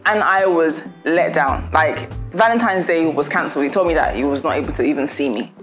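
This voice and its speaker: A young woman vlogger, chatty and laughing as she gives warm, preachy advice in a casual talk to her viewers. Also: low voice, a little fast, soft background music.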